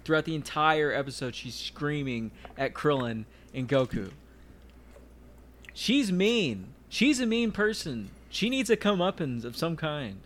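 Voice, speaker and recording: A man co-hosting a casual chat, blunt and emphatic, pressing his point with a voice that sits a little high for a man. His delivery is argumentative and insistent, with a faint ambient hiss behind it. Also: very animated, unhurried, a bit bright. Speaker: podcast co-host.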